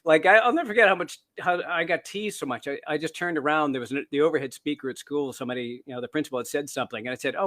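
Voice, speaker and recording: Canadian-born guy, kinda high voice, rambling and joking about himself, lots of ums. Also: fast talker, fairly bright tone. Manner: chatty, self-deprecating, frequent fillers and restarts, laughs often. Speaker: author guest. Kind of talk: casual interview storytelling.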